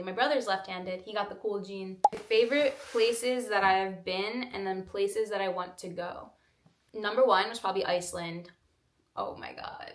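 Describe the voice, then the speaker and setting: A woman in her twenties talks casually to her viewers, rambling and filling gaps with "like." Her voice sits at a middle pitch. The room around her rings with echo. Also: a bit bright. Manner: chatty, rambling, lots of "like". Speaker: vlogger. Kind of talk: casual Q&A chat. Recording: echoey room.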